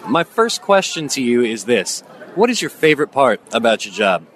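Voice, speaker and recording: A man's voice: mid-range voice, big pitch swings, moderate pace, fairly bright tone. A man reporting from a comic convention, asking an interviewee casual questions. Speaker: roving reporter. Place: outdoors at a convention.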